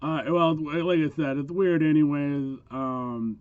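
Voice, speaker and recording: Casual reseller vlogger, a man with hard-of-hearing speech and a cold, unhurried and dry-miked. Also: on the high side, clear, resonant tone, dry recording, phone-quality sound. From Minnesota, USA. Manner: chatty, with frequent ums and small laughs. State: voice rough from a cold. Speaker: eBay reseller. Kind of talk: casual sales vlog.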